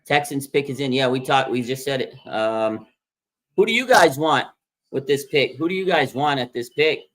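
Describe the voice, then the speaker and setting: A man hosting a live sports draft stream, excitable and rambling, repeating himself and laughing as picks come in. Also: mid-range voice, normal speed. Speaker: livestream host. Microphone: streaming microphone.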